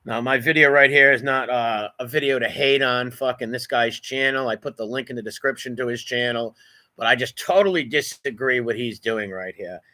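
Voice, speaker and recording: A man's voice: medium pitch, moderate pace, bright, forceful tone. A man hosting a reaction commentary, blunt, profane and mocking. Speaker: commentary channel host.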